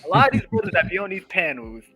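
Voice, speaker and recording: A man in casual chat on a podcast, talking quickly and animatedly, filling his speech with "like" and "yo" and acting out his own asides. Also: sits high, soft background music. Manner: rapid, animated, full of "like" and "yo" with acted-out asides.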